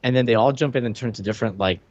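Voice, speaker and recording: A man's voice: mid-range voice, very fast, a little mellow, no echo, dull audio. A man co-hosting a podcast in casual chat, joking and teasing as he retells a cartoon. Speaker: podcast co-host.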